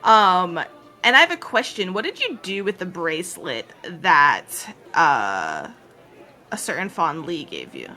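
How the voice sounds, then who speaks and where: Woman game master, bright tone, rambling casual narration. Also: fairly low pitch, very animated, measured pace, soft background music. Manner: rambling, full of "like" and "um".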